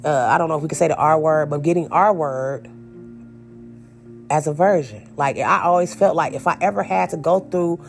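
Young woman telling a story, lively, slangy, acts out what people said. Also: deep voice, normal speed, vocal fry, soft background music. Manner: animated, acts out quotes, slangy. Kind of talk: casual storytelling.

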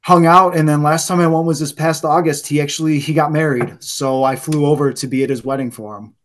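A man telling loose, animated stories in casual podcast chat, swearing freely and saying "like" a lot. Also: on the high side, fairly quick. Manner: loose, profane, heavy use of "like"; animated anecdote teller. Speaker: podcast guest.

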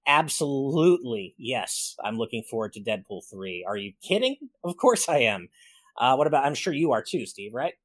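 Husky, lively podcast host man. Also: mid-range voice, no echo. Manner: upbeat, thankful, reels off supporter names quickly. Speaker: podcast host reading super chats. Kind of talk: casual podcast chat.

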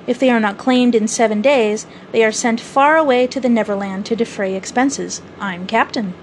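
A woman's voice: on the high side, moderate pace, a little hiss or hum, natural voice. A woman reading aloud as a passionate, boastful boy who never wants to grow up. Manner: passionate, cocky, boyish.

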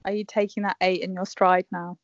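A woman's voice: on the low side, little pitch movement, fairly quick, dry recording, muffled recording. A woman hosting a casual podcast game, bossy and teasing as she cheers others on. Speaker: podcast host running a game.

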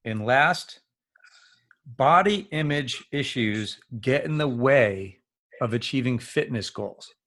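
Guy interviewing someone, friendly and light, reads off quiz questions, normal pitch. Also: animated, slow pace, a bit bright.

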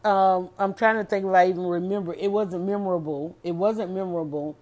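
A woman chatting casually on her own, animated and exclamatory, often restarting her sentences. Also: fairly low pitch, fast. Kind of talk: casual solo chat.

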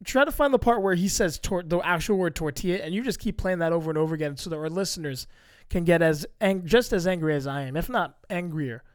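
A young American man hosting a casual podcast, ranting in animated mock outrage. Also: fairly high pitch, fast, clear, resonant tone, no room sound, clean studio sound. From United States. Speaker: podcast host.

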